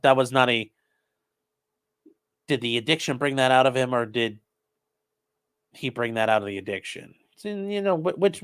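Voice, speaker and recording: A man's voice: mid-range voice, a bit bright, clear, resonant tone. A man hosting a casual commentary stream, reading viewer messages aloud and answering them sarcastically. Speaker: host reading chat.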